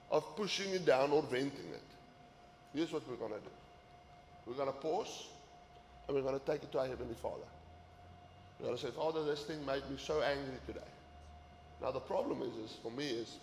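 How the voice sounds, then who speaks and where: A man's voice: medium pitch, animated, moderate pace, long pauses, slight background noise. A man giving an earnest sermon-style talk to men, often repeating words as he pushes a point. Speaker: men's ministry teacher. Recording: echoey hall with faint ambience.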